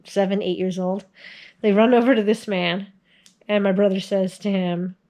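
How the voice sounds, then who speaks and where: A woman in her forties, speaking at normal speed in a steady, mellow mid-range voice, tells family stories to the camera. It's a casual, chatty video, and she laughs frequently.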